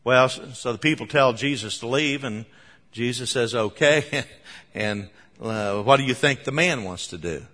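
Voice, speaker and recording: Male preacher, bright ringing tone, lively storyteller, long hall reverb. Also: medium pitch, normal speed. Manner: animated storytelling with chuckles and sudden emphatic bursts. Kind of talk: sermon.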